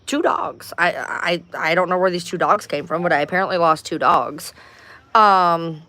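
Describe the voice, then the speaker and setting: Woman, lowish voice, casual livestream chat, rambling, profane, exasperated, at home. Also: normal speed, pushed and bright. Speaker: livestream host.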